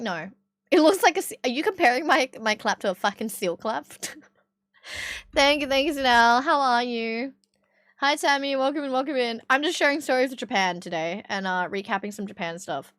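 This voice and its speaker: An Australian woman chats with her live-stream viewers in a casual, rambling way, with plenty of swearing and laughter. Her voice sits high, and the sound is dry and close with no room echo. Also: fairly bright tone. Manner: swears freely, chatty, laughs often.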